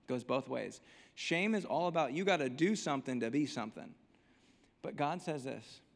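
Gravelly pastor preaching in a reverberant hall. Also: male voice, medium pitch, lively intonation, moderate pace. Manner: emphatic, repetitive rhetorical questions. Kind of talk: sermon.

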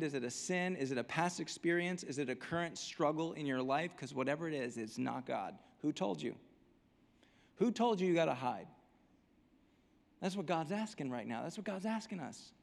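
A man's voice: medium pitch, vocal fry, in a large hall. A male pastor preaching a sermon, emphatic and full of repeated rhetorical questions.

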